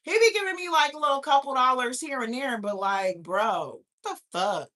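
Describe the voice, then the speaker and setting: A woman's voice: high voice, expressive, moderate pace, bright, forceful tone. A young woman from New York hosting a livestream, ranting casually with heavy profanity and talking back to her chat. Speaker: livestream host.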